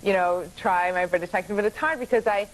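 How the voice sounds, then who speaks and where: A woman's voice: medium pitch, fast talker, low-quality recording. A woman in her twenties, a guest on a late-night talk show, talking hesitantly with restarts and laughs. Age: 20s. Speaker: actress guest. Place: TV studio.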